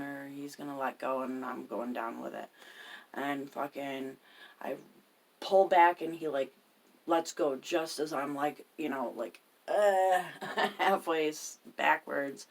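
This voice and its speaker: A woman with a low, creaky voice hosts a podcast and tells a personal story, swearing constantly. Her delivery is profane and emphatic.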